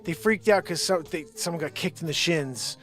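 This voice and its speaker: A man hosting a live comedy show, telling a rambling story in an animated way and chatting with viewers. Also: a little high, normal speed, soft background music. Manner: rambling, animated, talks to unseen chat viewers. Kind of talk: comic storytelling monologue.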